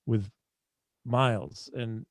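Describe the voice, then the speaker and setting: A man's voice: medium pitch, fairly even intonation, very slow, no room sound. A man hosting a casual interview over a video call, reacting eagerly to his guest's stories. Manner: enthusiastic listener, frequent short reactions. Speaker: interview host.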